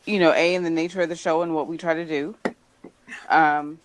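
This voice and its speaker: A woman co-hosting a casual sports podcast, soft-spoken and agreeable, with hesitant fillers. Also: deep voice, level tone, brisk, slight background noise, rough recording. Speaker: co-host.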